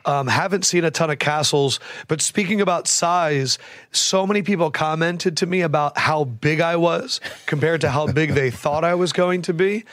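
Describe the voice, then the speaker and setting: A man hosting a sports podcast, chatting casually with hyped, slangy energy and quick bursts of talk. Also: fairly high pitch, fairly bright tone, no room sound. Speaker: podcast host. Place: traveling abroad, remote.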